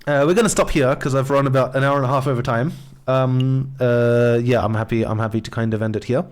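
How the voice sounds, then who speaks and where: A man streaming a game, talking in a relaxed, rambling way with lots of fillers over faint game music. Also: medium pitch, brisk. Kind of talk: casual game stream chat.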